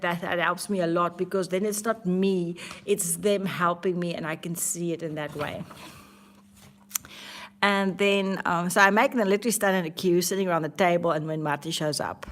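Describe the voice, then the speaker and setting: A woman's voice: fairly low pitch, fairly bright tone. A woman vlogger talking casually and candidly to camera about her self-help habits, earnest, with frequent restarts.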